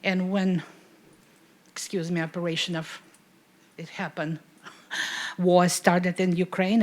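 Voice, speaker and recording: A middle-aged woman from Russia, whose first language is Russian, speaking from the audience with a slightly low voice. She is earnest and apologetic, and her speech grows louder and more emphatic as she goes. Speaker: audience member asking a question. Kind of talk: emotional audience question at a lecture.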